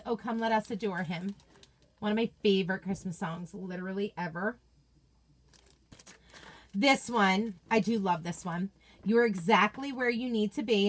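A woman hosts a casual livestream and chats with viewers. She gushes with enthusiasm in a fairly high voice. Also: fairly bright tone. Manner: gushing, enthusiastic. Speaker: craft seller host. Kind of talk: casual livestream chat reading viewer comments.

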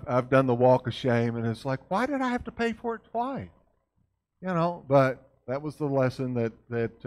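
A man giving a conversational church lecture in a folksy way, constantly checking in with his listeners with questions. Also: medium pitch. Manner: folksy, keeps asking the audience questions.

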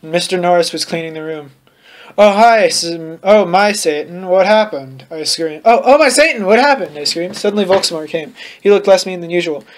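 High-voiced man reading for laughs. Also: normal speed. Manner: playful, breaks into laughter while reading. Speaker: comedic reader. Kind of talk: mocking dramatic reading.

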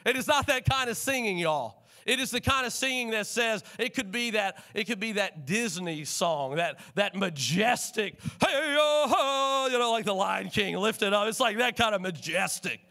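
Animated preacher, high voice. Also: male voice, moderate pace, few pauses. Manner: animated preacher, calls for congregation responses. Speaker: pastor. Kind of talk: sermon. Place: church sanctuary.

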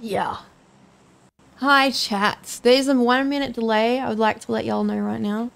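A woman's voice: on the high side, fairly even intonation, a little slow, creaky. A woman streaming a mobile game, chatting casually and laughing often with a friend. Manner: playful, sings along, laughs often. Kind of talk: casual chat while gaming.

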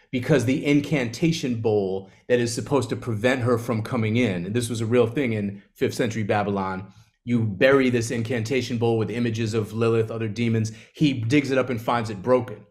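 A male author in a live onstage conversation, telling a story with energy. His voice sits in a middle pitch, and he slips into little acted-out quotes as he talks. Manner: animated storyteller, acts out quotes.

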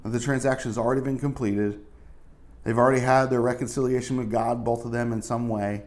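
A man's voice: medium pitch, fairly even intonation, a little fast, darkish tone. A male pastor giving a casual, conversational sermon, full of asides and fillers.

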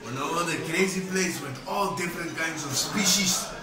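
Brief: young man, jokey nature-show reporter, slightly high voice, loud crowd chatter around. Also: normal speed, roomy sound. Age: young adult. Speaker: mock wildlife reporter. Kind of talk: comic nature-documentary spoof.

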